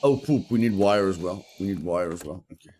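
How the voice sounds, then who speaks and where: A man's voice: low voice, animated, a little fast, darkish tone, a little hiss or hum. British man streaming a game. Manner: repeats phrases to himself, chatty with chat. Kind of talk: live gameplay commentary.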